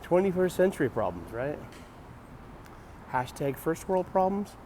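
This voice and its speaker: A man's voice: a little high, big pitch swings, unhurried, dark tone, slight background noise. A man hosting a casual morning monologue, rambling and wry, sighing and restarting his sentences. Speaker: host of a morning video show.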